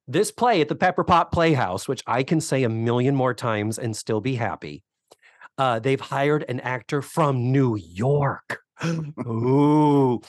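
Animated male podcast co-host. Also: mid-range voice, no echo, studio quality. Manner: animated, acts out characters' lines in quotes. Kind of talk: casual chat recapping a sitcom episode.

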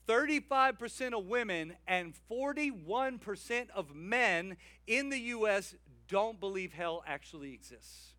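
A man preaching with high energy and plenty of humor, his voice pitched high and bright. He urges the congregation along as he goes, and the sound is close and dry. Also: no echo. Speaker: pastor. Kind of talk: sermon.

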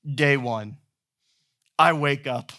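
A man's voice: medium pitch, very slow, sharp tone. A man in his thirties preaching a sermon as pastor, telling stories in a playful, humorous way. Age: 30s.

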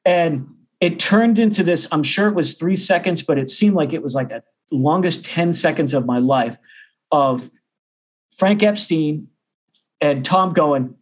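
A man's voice: a little high, a little slow. A middle-aged man, a percussion teacher, telling a story casually and acting out the other people's voices. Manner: animated, acts out others' voices.

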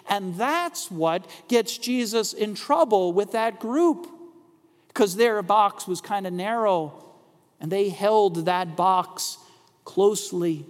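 A male pastor delivers a sermon in an unhurried, deliberate way and keeps posing rhetorical questions. His voice sits high for a man. A long reverb trails his words through the church sanctuary.

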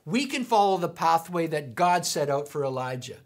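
A woman preaching a sermon, emphatic, repeating key points slowly. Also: sits low, sing-song.

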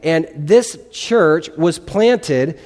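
A man's voice: fairly high pitch, animated, extremely slow, darkish tone. A male pastor preaching a sermon in an earnest, conversational way, putting questions to his congregation in a church. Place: church sanctuary. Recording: long reverb of a large hall.

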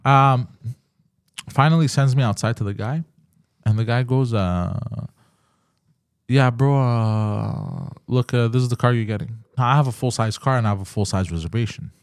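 A man chats casually on a podcast, swearing as he tells his story with animated energy. He acts out every side of the quarrel. His voice sits at a middle pitch, recorded close and dry. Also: normal speed, no echo. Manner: animated, profane, acts out both sides of the story. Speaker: podcast host.

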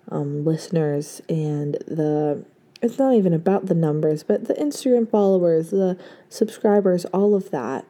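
A hoarse young woman in her late teens, a podcast host giving an earnest, effusive farewell full of thanks. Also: lowish voice, mellow. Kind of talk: casual heartfelt farewell talk.

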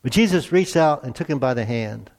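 A man's voice: mid-range voice, animated, brisk, a little mellow. A man preaching a conversational sermon as a pastor, speaking plainly and often restarting and repeating his words.

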